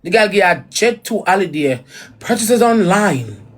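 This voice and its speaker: A woman's voice: mid-range voice, sing-song, a little slow. A woman with a Jamaican accent giving blunt, repetitive commentary in patois on a reaction vlog.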